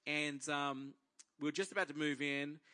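A man in his thirties tells a testimony from the pulpit, his voice pitched a little high and strikingly bright. He is an animated storyteller who acts out his own inner dialogue as he preaches. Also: moderate pace. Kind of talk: personal testimony to a congregation.

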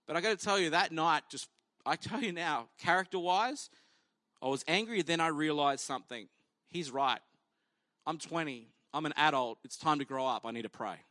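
This sermon comes from a pastor whose voice is slightly high, bright and forceful, at a moderate pace. Conversational and funny, he acts out the people in his story as he tells it. The sound is dry and up close, with no surrounding room.

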